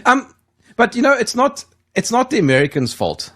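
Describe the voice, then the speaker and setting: Lively, chuckling man hosting a podcast. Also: extremely high pitch. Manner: chuckling, halting, repeats words. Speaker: podcast host. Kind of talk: casual podcast conversation.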